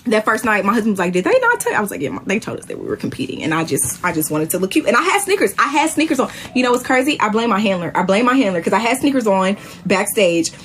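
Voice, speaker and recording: A young woman chatting casually on a live stream, telling a lively story and acting out what people said. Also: fast, hardly any pauses, slight background noise. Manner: animated storytelling, acts out quotes in high voice. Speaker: reality show contestant.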